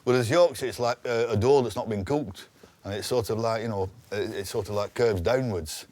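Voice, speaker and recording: A man's voice: on the low side, brisk, darkish tone, dry recording. A man chatting as a guest on a cooking show, playful and laughing often as he slips into impressions. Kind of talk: casual chat on a cooking show. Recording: faint background noise in a studio kitchen.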